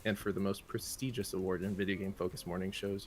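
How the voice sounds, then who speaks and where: A man co-hosting a gaming morning show, reading the day's game releases briskly and making playful asides. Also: on the low side, fairly even intonation, slight background noise. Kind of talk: casual morning show banter.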